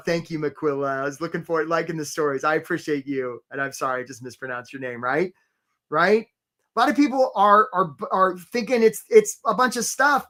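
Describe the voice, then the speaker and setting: A man leads a live career-coaching webinar with plenty of energy. His voice is bright and forceful. He keeps the audience engaged with quick asides and constant "right?" check-ins. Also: high voice. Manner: energetic, peppered with "right?", greets chat names.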